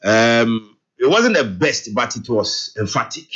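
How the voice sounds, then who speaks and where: A man with a Ghanaian accent hosting a radio talk show, mixing Twi and English in a lively way. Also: mid-range voice, a little slow, slightly rough. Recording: muffled radio broadcast with faint music.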